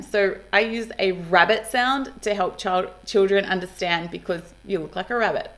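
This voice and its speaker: A woman, a speech pathologist explaining to parents on camera, upbeat and animated, modelling speech sounds as she goes. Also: medium pitch, moderate pace, hardly any pauses.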